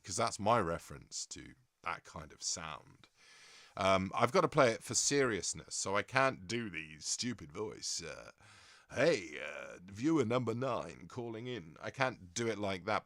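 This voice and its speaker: A man's voice: on the low side, pushed and bright, smooth, no echo, clean studio sound. An English man hosting a stream in a casual, rambling way, reading out viewer comments and laughing often. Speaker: livestream host.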